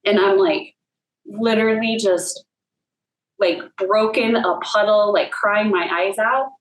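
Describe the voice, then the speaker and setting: Woman, chatty storytelling, lots of fillers, middle pitch, roomy echo. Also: slow pace. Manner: casual storytelling with many fillers. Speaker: guest. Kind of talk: personal faith testimony.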